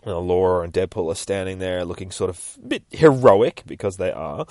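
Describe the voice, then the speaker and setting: Casual, sweary male comic reviewer, low voice, dry close sound. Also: normal speed, few pauses, mellow, no echo.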